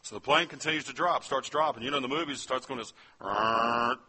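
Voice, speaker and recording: A man's voice: medium pitch, very fast, bright, forceful tone, a little hiss or hum. A man from West Virginia telling a testimony as a sermon, speaking straight to his listeners as he tells his story. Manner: storytelling, addresses the audience directly.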